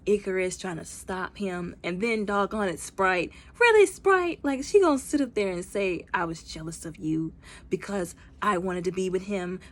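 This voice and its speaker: Chatty woman recapping a movie. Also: medium pitch. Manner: chatty, many fillers, acts out characters' lines; informal speech with y'all. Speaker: movie reviewer.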